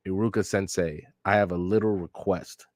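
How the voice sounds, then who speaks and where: A man's voice: deep voice, fairly even intonation, normal speed, darkish tone, dry recording, studio quality, close to an everyday voice. A brash ninja boy, as a man reads him aloud. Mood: boastful. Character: brash orphan ninja boy, loud and stubborn. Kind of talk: casual manga read-aloud.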